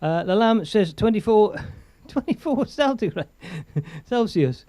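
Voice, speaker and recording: A man's voice: high-pitched, lively intonation, takes it slowly, dark tone, no room sound. A man hosting a casual live stream, chatting, laughing and reading out viewer comments. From England. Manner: chatty, rambling, laughs often, reads viewer comments aloud.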